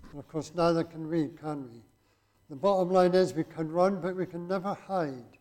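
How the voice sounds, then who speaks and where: High-voiced man preaching a sermon. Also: normal speed, a little mellow. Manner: conversational, asks the listeners rhetorical questions. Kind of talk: sermon with scripture reading.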